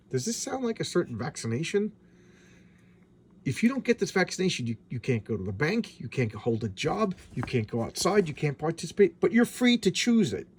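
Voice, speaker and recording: A man with a hoarse voice reviewing comic books in casual, rambling commentary, stumbling over restarts. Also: a little high.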